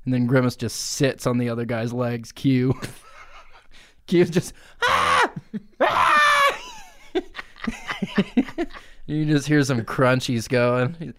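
A man of middling pitch riffs through an improvised, crude comic tale on a podcast. He swears freely and keeps breaking into laughter as he talks. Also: takes it slowly, pauses often, shouting. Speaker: podcast co-host.

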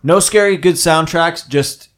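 A man's voice: fairly high pitch, unhurried. A man in casual podcast chat, swearing freely and acting out quotes as he tells stories. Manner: excitable storyteller, swears freely, acts out quotes. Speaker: podcast host.

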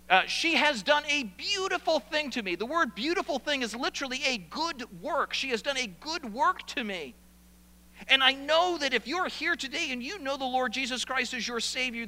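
A man's voice: high-pitched, bright, forceful tone, big-room sound, low-quality recording. A man preaching a sermon as pastor, animatedly acting out the complaints of church members.

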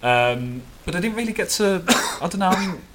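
A man with a Black Country accent chatting as co-host on a relaxed football podcast. He talks in an easygoing way, pausing and restarting his sentences as he thinks. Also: high-pitched, a little hiss or hum. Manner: easygoing, hesitant, many fillers and restarts. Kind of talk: casual football podcast chat.

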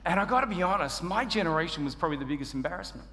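An Australian man delivers a sermon with a high, bright voice, joking at his own expense as he tells the story. His voice carries a long reverb from the church hall around him. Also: rapid-fire. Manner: humorous, self-deprecating, animated storytelling. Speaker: preacher.

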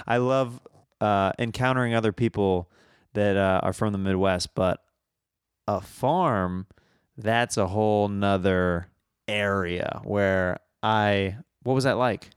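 A man's voice: fairly low pitch, clear, resonant tone, no echo, clean studio sound. A young man from Kansas hosting a podcast, chatting casually in a rambling way with lots of fillers and laughs. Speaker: podcast host.

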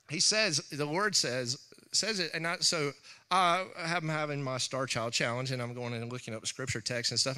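A man's voice: on the high side, sharp tone. A man, preaching a sermon in a storytelling manner, acting out voices and laughing often. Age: 40s.

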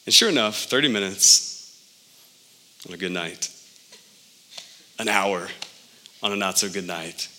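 A man in his thirties preaching a sermon as pastor, animated, with his pitch jumping up for emphasis. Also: a little slow, long pauses, a little hiss or hum.

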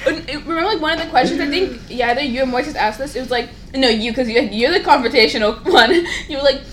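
A young woman co-hosting a casual chat, retelling events in a quick, chatty way with laughter. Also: high voice, slight background noise. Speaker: podcast co-host.

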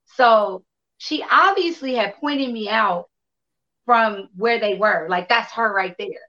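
Woman guest, casual and profane storyteller, slightly high voice, muffled lo-fi sound. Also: takes it slowly. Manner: animated, profane anecdote telling with quoted dialogue. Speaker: interview guest.

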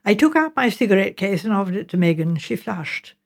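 A woman narrates an audiobook in a crisp, measured way. Her voice sits at a middle pitch with a noticeably gravelly texture. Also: very animated.

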